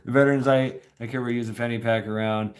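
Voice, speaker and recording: A man's voice: medium pitch, steady tone, fast, background noise. A man talking in a casual, rambling livestream chat, restarting sentences often and chuckling as he goes. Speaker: host.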